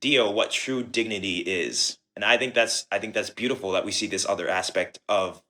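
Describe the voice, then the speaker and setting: Man, lower voice, enthusiastic casual book-club podcast co-host. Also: normal speed, bright, forceful tone. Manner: enthusiastic, many fillers.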